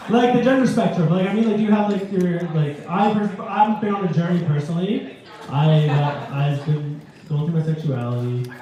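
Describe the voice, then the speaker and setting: A man's voice: fairly high pitch, measured pace, pauses often. Crude young man doing stand-up in a club. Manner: crude, provocative, teasing the audience. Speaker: stand-up comedian. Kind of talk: stand-up crowd work. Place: small comedy venue with a live audience. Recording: echoey club from a distance with crowd.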